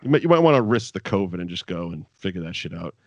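A man recaps old wrestling shows in loose, swearing chat, laughing as he rambles. His pitch swings widely from low mutters to high yelps. The sound is dry and close. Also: big pitch swings, quick pace, dry recording, dull audio. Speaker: podcast co-host.

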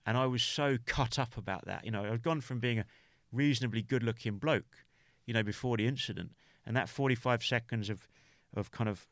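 A British man, appearing as a guest on a podcast, recounts a difficult memory in a low voice. The audio is dry and close-miked, with no echo or sense of the room. His telling is halting, full of restarts and "you know" as he hunts for the right words.

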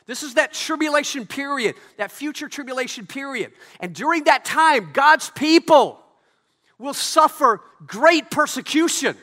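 A pastor preaching to his congregation, a man with a strikingly high, bright, forceful voice. He swings from loud emphatic peaks to quiet, hushed asides. The sound carries a long reverb from a large hall. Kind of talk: sermon.

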